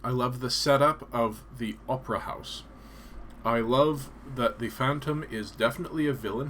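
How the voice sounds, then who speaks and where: A man's voice: medium pitch, normal speed, a bit bright, a little hiss or hum. A man from Canada chatting casually on a live stream, rambling and hesitant with frequent ums and restarts.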